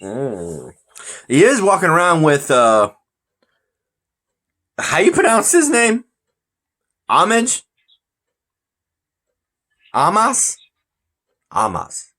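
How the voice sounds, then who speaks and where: A man's voice: a little high, wildly swooping pitch, slow pace, long pauses, a bit bright. Male podcast host, casual, rambling, joking, stumbles over words. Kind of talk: casual chat.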